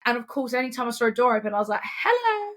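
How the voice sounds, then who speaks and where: An English woman telling a story in casual podcast chat, swearing freely and quick to act out what people said. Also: on the high side. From England. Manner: chatty, swearing, animated impressions in quotes. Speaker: podcast co-host.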